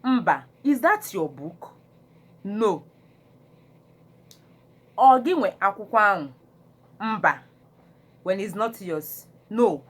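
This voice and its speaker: A woman teaching phrases, repeating each one in English and Igbo, animated when acting them out. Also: mid-range voice, slow pace, pauses often. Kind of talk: slow phrase-by-phrase language lesson.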